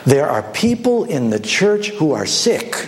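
Animated male pastor preaching. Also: fairly high pitch, unhurried, heavy background noise. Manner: animated storytelling, acting out voices. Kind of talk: sermon.

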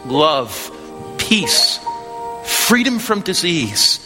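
Guy preaching in a big echoey hall, gets loud and fervent then goes soft and gentle for the altar call. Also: a little high, sing-song, very slow, over music. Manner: impassioned, rising to near shouts, then hushed and gentle in the appeal. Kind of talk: evangelistic sermon with altar call.

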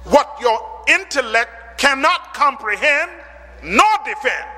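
High, bright preacher man in a reverberant hall. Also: very animated, takes it slowly, noisy background. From Caribbean islands. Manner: dramatic preaching, rhetorical questions, sudden loud peaks. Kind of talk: sermon.

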